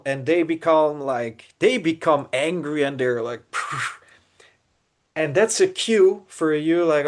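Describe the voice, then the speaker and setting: A man's voice: fairly high pitch, lively intonation, slow pace. Earnest man musing with many restarts. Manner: earnest, searching, many restarts and repeated words. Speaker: podcast co-host. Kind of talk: reflective casual podcast talk.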